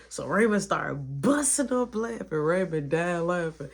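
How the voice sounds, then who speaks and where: A man's voice: on the high side, moderate pace, vocal fry, hardly any pauses. A man telling a long personal story in a casual way and acting out what everyone said. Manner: animated, acts out quoted dialogue.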